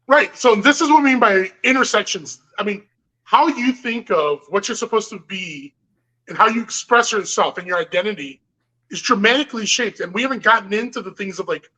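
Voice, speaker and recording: Casual chat, measured and analytical, deliberate phrasing, mid pitch, bright forceful tone. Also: rough recording.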